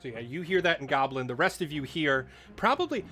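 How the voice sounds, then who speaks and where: A man's voice: on the high side, lively intonation, a little fast, bright, forceful tone, faint music behind. A man running a tabletop game as dungeon master, patiently explaining the rules with lots of fillers.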